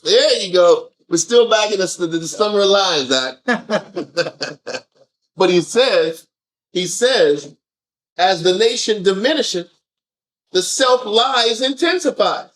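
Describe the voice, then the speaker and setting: A man leading a group scripture discussion, animated and firing off rhetorical questions. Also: sits high, slow pace, pauses often. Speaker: discussion leader.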